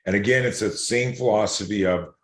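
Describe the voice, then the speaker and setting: A man who teaches self-defense, telling stories in an interview in an animated, digressive way. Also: lowish voice, a little fast. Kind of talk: storytelling interview answers. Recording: roomy echo.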